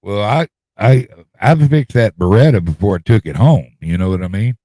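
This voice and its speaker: Man, drawling storyteller, deep voice, dead dry sound. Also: lively intonation, moderate pace, dark tone, no echo. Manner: rambling, folksy, repeats words, drawls. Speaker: podcast host telling a story. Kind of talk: casual storytelling chat.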